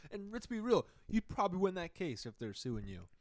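A man's voice: high-pitched, big pitch swings, a little fast, no echo. A man on a podcast trading hype, joking banter in casual chat. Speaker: podcast co-host.

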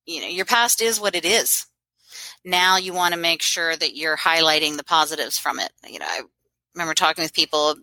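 An encouraging female counselor giving practical advice. Her voice is lowish but bright and forceful, recorded dry and close. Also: no echo, poor audio. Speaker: guest, mental health counselor. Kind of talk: interview answers.

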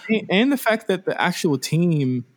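A man co-hosting a casual wrestling podcast, talking in an animated way and repeating words as he starts sentences. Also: high-pitched, moderate pace. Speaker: podcast co-host.

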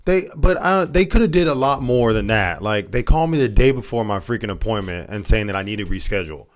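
Low-voiced yawning man. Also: expressive, fast talker. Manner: yawning, drawling, talks until out of breath. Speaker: podcast co-host. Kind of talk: casual chat.

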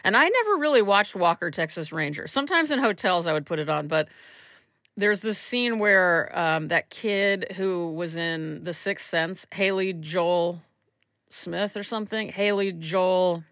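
Female podcast host, rambling and self-deprecating, slightly stuffy, bright lowish voice, dry home recording. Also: measured pace, no room sound. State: stuffy from allergies. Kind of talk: casual solo podcast chat. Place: small home room.

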